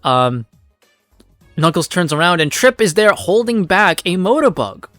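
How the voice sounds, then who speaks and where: A man's voice: high-pitched, very animated, unhurried, a bit bright, dry recording, faint music behind. A man giving a rambling, profane, casual recap of a comic, full of filler words. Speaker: comic reviewer.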